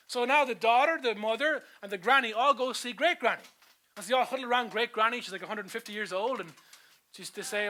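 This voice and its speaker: A man's voice: high-pitched, quick pace, bright, forceful tone. A man from Ireland preaching a sermon as pastor, earnest and full of rhetorical questions, often restarting and repeating words. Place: church auditorium.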